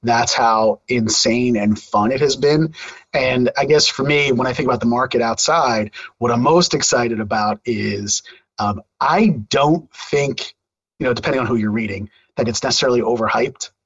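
A man's voice: medium pitch, normal speed, fairly bright tone, husky, highs cut off. A man with a Philadelphia accent, a podcast guest talking in an enthusiastic, jokey, slangy way. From Philadelphia, USA. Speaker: guest, AI evangelist. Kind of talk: casual interview chat.

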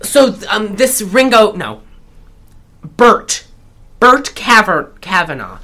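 A woman's voice: mid-range voice, big pitch swings, slow, bright, forceful tone. A woman co-hosting a podcast, recapping a film in casual chat with many restarts and laughs. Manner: rambling, restarts, laughs often. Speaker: podcast co-host.

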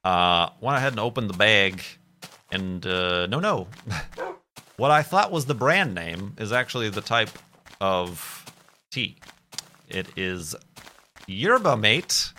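A man's voice: lowish voice, lively intonation, slow pace, pauses often, bright, forceful tone, a little hiss or hum. A man streaming a game and chatting casually, rambling from one thing to the next with self-mocking jokes. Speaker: gaming streamer. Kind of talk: casual chat while playing a game.

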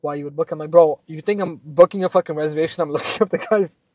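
Animated young man telling a story. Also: fairly high pitch, fast talker, dry recording. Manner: animated, swearing, many fillers. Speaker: podcast co-host. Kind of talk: casual storytelling chat.

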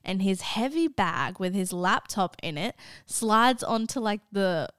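A woman's voice: mid-range voice, a little slow, clear, resonant tone, no room sound. A young Australian woman in her twenties tells chaotic school stories with lots of giggles. Her voice sits in a middle register and the studio recording is close and dry. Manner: giggly, animated storyteller. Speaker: podcast co-host. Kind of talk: casual storytelling chat. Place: studio living-room set.

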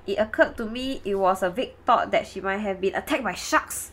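A woman playing a young male defendant in a podcast courtroom reenactment, giving flat, defensive answers. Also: medium pitch, brisk, close to an everyday voice. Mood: evasive.

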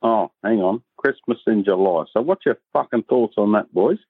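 An Australian man, gruff and sweary, telling a crude joke as a caller. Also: lowish voice, moderate pace, no echo. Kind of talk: joke told on a voicemail. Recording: tinny dry phone line.

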